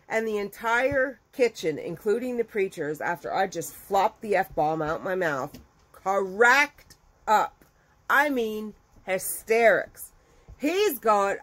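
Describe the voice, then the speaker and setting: A middle-aged woman, a crochet business owner, telling a story to her viewers in a chatty, animated way and acting out the quotes. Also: mid-range voice, unhurried, rough recording.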